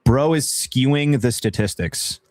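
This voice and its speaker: A man's voice: mid-range voice, a little slow. A young man hosting a casual live stream, laughing and swearing as he talks. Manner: laughing, swearing, lively banter.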